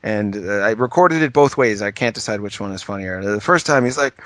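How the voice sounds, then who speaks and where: A man co-hosting a casual comedic podcast from home, self-deprecating and pitching silly show ideas. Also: animated, a little fast, fairly bright tone, no room sound. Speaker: podcast co-host.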